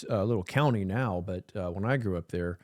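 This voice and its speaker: A man from Georgia hosting a podcast interview, talking in a chatty, rambling way with quick asides. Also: deep voice, no echo, clean studio sound. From Georgia, USA. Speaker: podcast host. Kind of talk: conversational interview.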